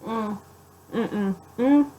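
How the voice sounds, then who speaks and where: A woman's voice: a little high, very slow, dark tone, a little hiss or hum, poor audio. A young woman talking straight to her viewers in a confessional vlog, raw and emotional, swearing a lot, repeating herself and breaking off mid-sentence. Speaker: vlogger.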